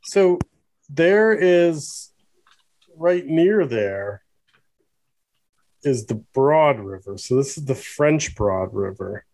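A man co-hosting a casual podcast chat, thinking aloud as he talks, with many pauses and fillers. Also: on the high side, expressive, darkish tone, no room sound. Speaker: podcast co-host.

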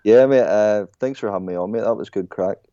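A man's voice: on the low side, quick pace, mellow, no echo, dull audio. A young Irish man chatting casually as a podcast guest, telling stories and calling people mate. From Ireland. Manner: chatty storyteller, says mate a lot. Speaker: guest, former soccer player. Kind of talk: casual podcast chat over a call.

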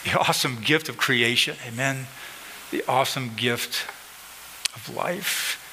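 Emphatic preacher man with a bright voice. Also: medium pitch, unhurried, gravelly, in a large hall, a little hiss or hum, rough recording. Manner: emphatic preaching, repeats phrases, addresses congregation directly. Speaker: pastor. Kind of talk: sermon. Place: church sanctuary.

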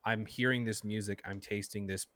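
A man's voice: lowish voice, steady tone, moderate pace, fairly bright tone, no room sound. A man in a casual talk about a movie, making a reflective point about it.

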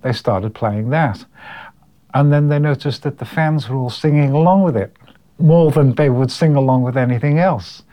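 A man's voice: mid-range voice, dull audio. An older man from Liverpool with a Liverpool accent, a guest musician telling stories in a chatty, reminiscing way with frequent chuckles. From Liverpool, England. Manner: chatty and reminiscing, chuckles often, repeats words. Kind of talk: casual interview storytelling.

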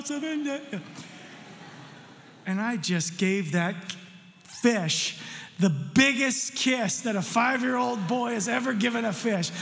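A middle-aged male pastor preaching a sermon, telling a childhood story in a playful, animated way with jokes for the congregation. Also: sits high, big-room sound. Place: church sanctuary.

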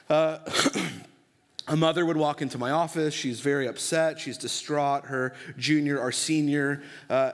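Thirties male pastor, casual storytelling sermon, slightly high voice. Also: fairly bright tone. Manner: conversational storytelling, asks the audience for agreement. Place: church. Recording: long reverb of a church hall.

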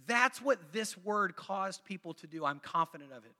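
Preaching to his congregation in a large hall, a pastor speaks in a high, animated, bright voice with a forceful tone at a moderate pace. His style is conversational, and he repeats phrases for emphasis while urging listeners to join in.

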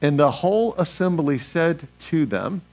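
A man preaching a sermon as pastor, animated, leading the congregation to read verses aloud with him. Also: on the high side, measured pace.

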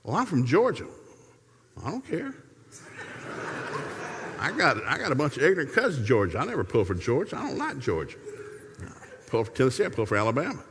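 A man's voice: mid-range voice, huge pitch swings, very fast, a bit bright, big-room sound, a little hiss or hum. A middle-aged man preaching a humorous sermon in a folksy, joking way, telling stories from his family life.

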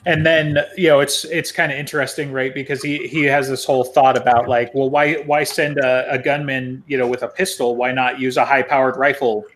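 A man's voice: medium pitch, level tone, brisk, few pauses, fairly bright tone. A man chatting casually about a book on a podcast, rambling with lots of "right?" and "like". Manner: rambling, many fillers and "right?".

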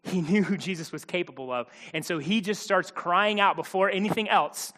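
Pastor guy w a high voice preaching from the stage, chatty, cracks jokes, long echo in the church. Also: moderate pace, hardly any pauses, pushed and bright. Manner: conversational with joking asides. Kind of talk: sermon.

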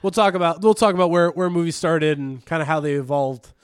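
A man's voice: fairly high pitch, a little fast, smooth, no echo, clean studio sound. A man hosting a casual podcast, talking in a rambling, jokey way with frequent restarts. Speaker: podcast co-host.

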